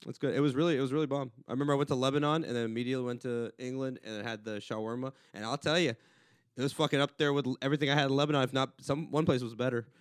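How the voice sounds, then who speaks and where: A man's voice: medium pitch, fairly even intonation, smooth, no echo, studio quality. A male podcast guest in casual comedic chat, trading crude jokes. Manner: fast, profane, joking banter.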